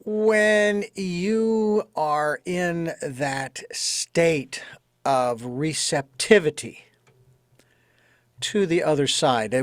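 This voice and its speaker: A man's voice: fairly high pitch, slow pace, no room sound. Thoughtful man hosting, dry sound. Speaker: podcast host. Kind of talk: conversational interview.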